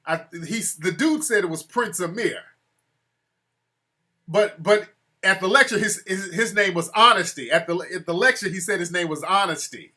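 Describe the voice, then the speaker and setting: A man's voice: high-pitched, lively intonation, normal speed, sharp tone. A man hosting a casual live-stream call-in show, talking loosely and mocking callers. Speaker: host.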